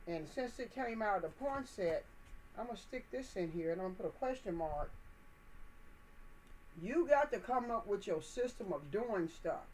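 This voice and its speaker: Woman, gardening vlogger, mid-pitched, folksy and encouraging, faint hiss behind. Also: animated, normal speed, darkish tone, low-quality recording. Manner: folksy, chatty, encouraging, addresses viewers as y'all. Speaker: gardening channel host. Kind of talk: casual how-to demonstration. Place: indoors, potting plants.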